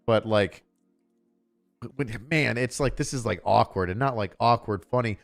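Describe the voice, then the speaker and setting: A man's voice: lowish voice, a little slow, vocal fry, soft background music. A man streaming a reaction to a comedy special, ranting in a sarcastic, exasperated way with lots of fillers and swearing. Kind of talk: casual reaction commentary.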